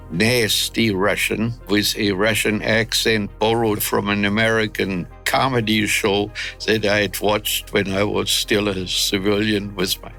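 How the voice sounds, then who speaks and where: Older man in his nineties, from Germany, interview memories, slow, hesitant, faint music behind. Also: fairly low pitch, gravelly, bright, forceful tone. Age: 90s. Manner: unhurried, reflective, with frequent hesitations. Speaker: interviewee, war veteran.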